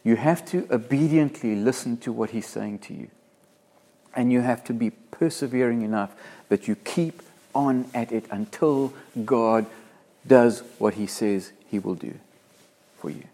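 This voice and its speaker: Pastor, male, from Africa, middle-pitched voice; an earnest, emphatic sermon delivery with slowed scripture readings. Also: warm tone. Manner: earnest, emphatic, slows and swells when quoting scripture.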